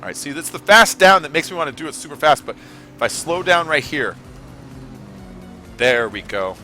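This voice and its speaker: A man's voice: fairly high pitch, animated, quick pace, pushed and bright, faint music behind. A man from California giving rambling, chatty commentary while playing a racing game, swearing freely. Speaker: gaming streamer. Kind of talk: casual gameplay commentary.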